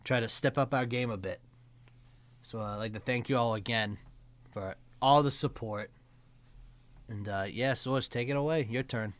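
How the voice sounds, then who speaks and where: A man's voice: mid-range voice, normal speed, pauses often. A man hosting a podcast in loose, joking casual chat, laughing often. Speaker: podcast host.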